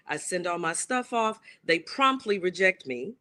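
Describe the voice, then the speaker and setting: Animated woman telling a story. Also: fairly low pitch, a little slow. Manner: acts out quoted dialogue with shifting voices. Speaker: author and playwright guest.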